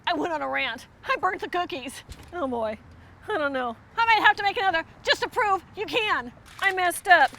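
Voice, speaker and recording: A woman with a very high, bright, sharp voice hosts a comedy cooking show. She talks theatrically and spins small mishaps into melodramatic rants. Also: animated, normal speed, a little hiss or hum. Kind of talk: mock-dramatic comedy cooking monologue.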